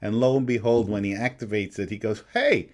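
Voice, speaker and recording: Male co-host, lowish voice, halting and enthusiastic about quotes. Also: steady tone, a little mellow. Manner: halting, full of restarts and fillers, fond of favorite lines. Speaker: podcast co-host, the father. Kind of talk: casual movie chat.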